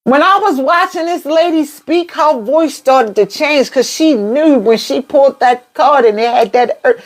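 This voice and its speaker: A woman's voice: high voice, measured pace. A young adult woman, a tarot reader, telling a story in a live-stream monologue, full of quoted asides and frank swearing.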